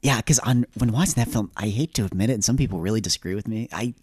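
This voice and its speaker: A man's voice: lowish voice, fast, a little mellow, slightly rough, no echo, studio quality. A man co-hosting a podcast, chatting casually about movies and hedging his opinions. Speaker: podcast co-host.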